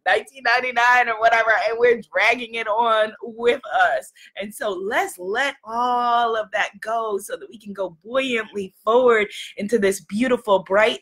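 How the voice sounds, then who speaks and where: A woman hosting a live-streamed self-love sermon from home, chatting with viewers by name, laughing often, then slowing into a soft guided prayer. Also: on the high side. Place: at home, seated in a blanket. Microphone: webcam or phone, seated at home.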